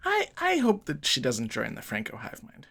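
A person co-hosting a casual podcast, playful, self-mocking and quick to laugh. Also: medium pitch, wildly swooping pitch, gravelly, a bit bright, a little hiss or hum. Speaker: podcast co-host. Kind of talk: casual chat.

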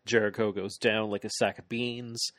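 A man co-hosting a casual podcast, recapping a wrestling match in a rambling, animated play-by-play full of fillers. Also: lowish voice, moderate pace, dry recording. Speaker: podcast co-host.

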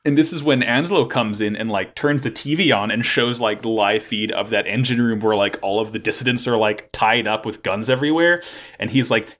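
A man's voice: fairly low pitch, a little fast, a bit bright. A man recapping a plot in casual chat, rambling with lots of fillers and swearing. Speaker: podcast co-host recapping an anime.

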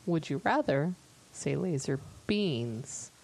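A woman co-hosting a casual comedy podcast, cracking playful deadpan jokes and laughing often. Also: deep voice, slow pace, creaky, a little hiss or hum. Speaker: podcast co-host.

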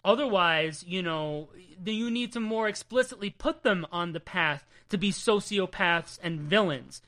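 Here the same young New Jersey-accented podcaster talks comics in a loose, lively way, swearing often and poking fun at his co-host. His pitch is high, and he speaks a bit slowly.

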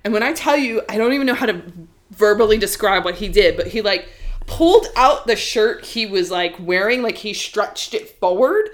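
A woman co-hosting a casual podcast, telling stories in an animated way, laughing often and using lots of fillers. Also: medium pitch, moderate pace. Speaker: podcast co-host. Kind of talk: casual chat.

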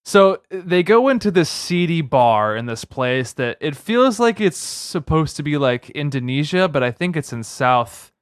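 A man's voice: on the high side, big pitch swings, a little slow, hardly any pauses, smooth, no echo, studio quality. A man co-hosting a casual movie-review podcast, recapping the plot in a loose, rambling way with lots of fillers. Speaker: podcast co-host.

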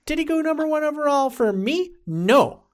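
A man's voice: very high-pitched, expressive, normal speed, voice pushed up. A man doing a brash Chicago superfan. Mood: brash boasting. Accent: put-on Chicago. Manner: boastful, brash, rambling. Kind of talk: comedy podcast bit.

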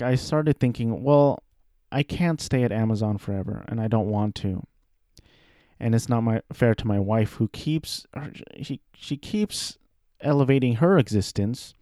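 A man in his thirties talking casually about his life, rambling and self-deprecating, with halting restarts. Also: mid-range voice, lively intonation, warm tone, no echo, clean studio sound. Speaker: aspiring voice actor. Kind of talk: casual personal monologue.

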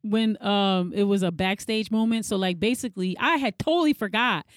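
Woman, casual chat, animated storyteller, mid pitch, dry close sound. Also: normal speed, dry recording. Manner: animated storyteller, acts out quotes in a high voice.

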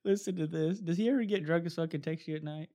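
Swearing, laughing man, slightly high voice. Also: quick pace, dark tone. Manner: swears a lot, laughs through stories. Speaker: podcast co-host. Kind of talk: casual chat.

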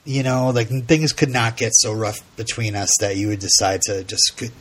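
A man's voice: on the low side, normal speed, a bit bright, slight background noise. A man co-hosting a casual show recap, rambling and laughing often as he retells scenes. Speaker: podcast co-host.

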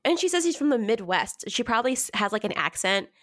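A woman's voice: a little high, very animated, fast, a bit bright, no room sound, clean studio sound. A woman co-hosting a podcast, chatting casually and giggling often as she talks through a story. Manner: giggly, chatty, frequent laughter. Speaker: podcast co-host. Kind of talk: casual chat about a story.

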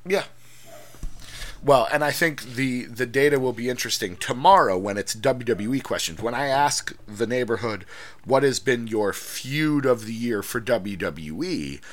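A man's voice: mid-range voice, animated, measured pace. A man hosting a casual chat show, asking questions and often repeating words as he starts a thought. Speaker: podcast host.

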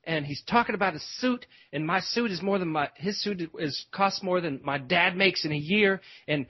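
A man's voice: fairly high pitch, normal speed, hardly any pauses, breathy edge, no echo. A man hosting a podcast, telling a rambling story with lots of fillers and restarts. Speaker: podcast host. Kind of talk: casual storytelling. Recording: dull lo-fi podcast audio.

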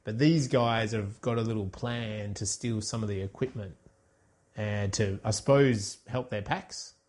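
A man co-hosting a casual podcast reviews a film, recapping scenes in a rambling way and correcting himself as he goes. His voice sits on the low side, unhurried and a little mellow.

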